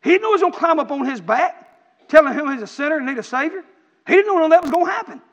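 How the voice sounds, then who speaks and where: A middle-aged man, preaching with fervor and swinging between shouts and quiet, earnest talk. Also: lively intonation, racing, in a large hall, muffled recording. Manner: impassioned, rising to shouts then dropping low. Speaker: pastor. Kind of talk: preaching sermon.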